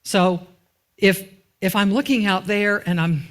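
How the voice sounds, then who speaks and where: A woman minister with a medium-pitched, steady, unhurried voice gives a conversational sermon in a church sanctuary. She often asks the congregation rhetorical questions and waits for their answers, adding informal asides.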